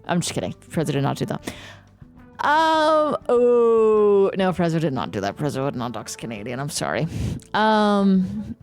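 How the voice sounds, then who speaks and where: Chatty woman streamer, lively pitch. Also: fairly quick, faint music behind. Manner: chatty, swears freely, jokes and teases. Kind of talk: casual chat with viewers.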